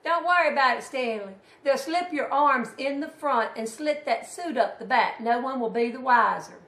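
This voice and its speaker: A woman's voice: high-pitched, normal speed, fairly bright tone, roomy sound. A woman voicing a blunt, matter-of-fact elderly aunt.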